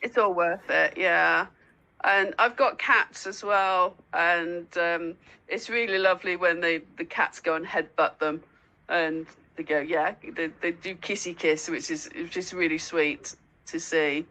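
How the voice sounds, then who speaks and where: A woman guest in a casual interview, telling lively stories with lots of laughter and squeaky acted-out asides. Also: a little slow, poor audio. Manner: giggly storyteller, acts out lines in a high squeaky voice. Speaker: guest, dog owner and foster carer.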